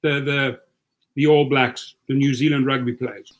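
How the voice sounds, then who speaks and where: A middle-aged man with a South African accent hosts a livestream chat, coaching his listeners in an energetic way and often repeating himself. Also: mid-range voice, a little slow. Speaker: host. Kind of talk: livestream chat giving advice.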